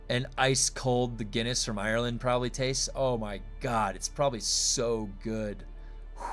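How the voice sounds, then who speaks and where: A man's voice: medium pitch, creaky, a bit bright. A man from the United States streaming a game and chatting casually with viewers, rambling with many fillers and restarts.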